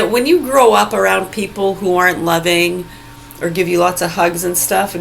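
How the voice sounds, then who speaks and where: A woman's voice: lowish voice, gravelly, a little hiss or hum, rough recording. A woman ranting into her phone in an angry, profane and sarcastic way, mocking people with bursts of laughter. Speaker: vlogger. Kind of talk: ranting vlog monologue. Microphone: phone video recording.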